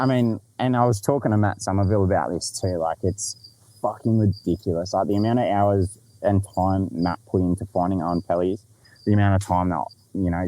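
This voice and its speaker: A young Australian man hosting a podcast, telling a story in a lively, sweary, laughing way. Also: sits low, low-quality recording. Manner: animated, swears freely, laughs often. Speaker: podcast host. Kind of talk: casual storytelling chat.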